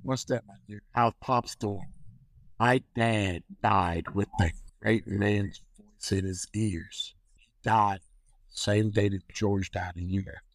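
A man's voice: fairly low pitch, no echo, poor audio. An older man, a guest activist, telling a story with animation and acting out phone calls in different voices. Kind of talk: storytelling in a conversation.

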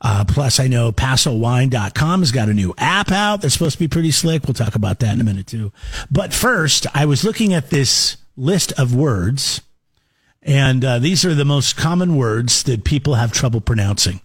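A man's voice: mid-range voice, lively intonation, moderate pace, husky, dry recording. A man co-hosting a casual morning radio show, chatty and jokey.

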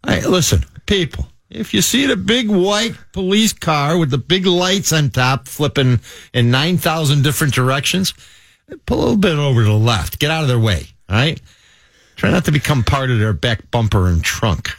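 Animated radio co-host. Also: male voice, fairly high pitch, moderate pace, no echo. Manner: animated, jokey, streetwise. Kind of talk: casual radio talk show banter. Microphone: studio microphone. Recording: dry studio sound with faint music.

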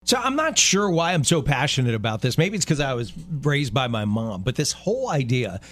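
A man's voice: mid-range voice, very animated, brisk, fairly bright tone. A middle-aged man co-hosting a talk radio show, speaking earnestly and emphatically in a casual way, often restarting his phrases.

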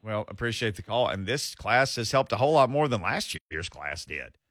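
Bright-voiced sports radio host. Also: male voice, on the low side, very animated, moderate pace, dry recording, studio quality. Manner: casual, joking banter.

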